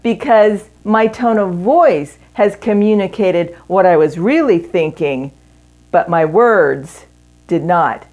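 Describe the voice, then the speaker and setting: Slow, earnest woman teaching a marriage class. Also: lowish voice, expressive, darkish tone. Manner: earnest, instructive, with pauses. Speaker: marriage seminar speaker. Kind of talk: teaching talk to women.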